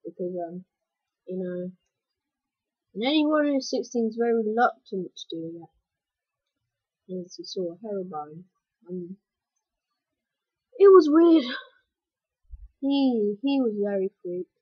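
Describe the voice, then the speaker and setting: Woman, gameplay commentary, excitable, slow unhurried talk, dull lo-fi mic. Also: medium pitch, husky, dry recording. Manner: excitable, yelps and exclaims at the game.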